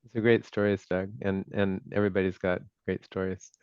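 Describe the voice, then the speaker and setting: A man hosting a group video call, speaking haltingly with many fillers. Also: deep voice, flat delivery, a little mellow, clear, resonant tone, no echo. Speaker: call host. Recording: dull lo-fi call audio.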